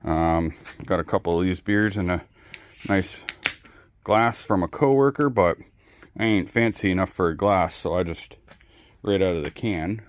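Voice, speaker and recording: A man chatting casually in his home garage, rambling, swearing freely and filling pauses with ums. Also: low voice, a little hiss or hum. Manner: rambling, profane, relaxed, many ums. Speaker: hobby video creator.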